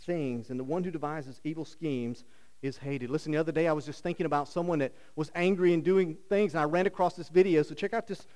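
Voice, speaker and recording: A middle-aged man preaching a sermon, telling stories with rhetorical questions and swinging from loud bursts to hushed lines. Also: a little high, quick pace. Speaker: pastor.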